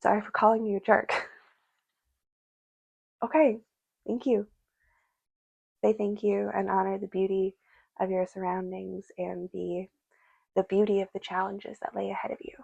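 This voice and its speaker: A woman's voice: mid-range voice, little pitch movement, unhurried, gravelly, long pauses, dark tone, dry recording, dull audio. A woman giving a casual spoken tarot reading, musing aloud and speaking directly to the spirits and to her viewers. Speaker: tarot reader.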